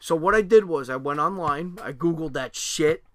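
A man's voice: fairly high pitch, moderate pace, a bit bright, no echo. A middle-aged man telling a family story in casual chat, rambling with lots of fillers and restarts, and swearing freely.

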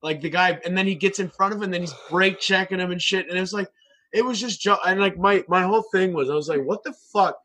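Profane storytelling man, husky bright voice. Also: high voice, quick pace. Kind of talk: casual chat.

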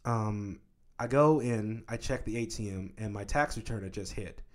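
A man's voice: on the low side, moderate pace. A man telling a comic story in casual conversation as a guest, loose and profane, full of likes and rights. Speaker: filmmaker guest.

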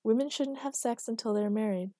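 A stern, proper older mother with a stiff, disapproving manner, voiced by a woman narrator. Her voice is warm and dark, recorded close and dry. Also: fairly high pitch, fairly quick, no room sound, pitched above the performer's own voice, close to an everyday voice.

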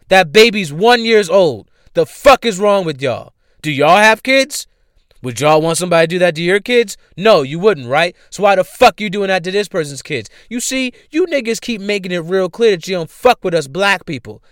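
Fired-up man ranting, smooth voice. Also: sits high, a bit bright, no echo, studio quality. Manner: profane, heated, repeats himself for emphasis. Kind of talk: ranting commentary.

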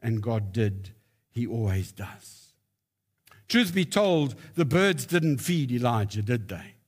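A man's voice: mid-range voice, big pitch swings, slow, husky. A man preaching a sermon, telling stories with emphatic rises. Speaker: pastor.

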